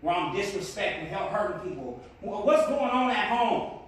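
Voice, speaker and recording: Casting: high-pitched man, earnest motivational speaker with speech, addressing a classroom from a distance in a very echoey room. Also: lively intonation, normal speed. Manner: earnest, preachy, rising to emphatic peaks.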